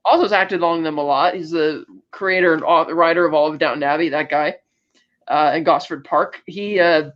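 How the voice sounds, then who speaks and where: A podcast co-host with a fairly high, fairly evenly intoned voice casually retells film scenes, acting out the quotes in quick asides. The recording has a lo-fi sound.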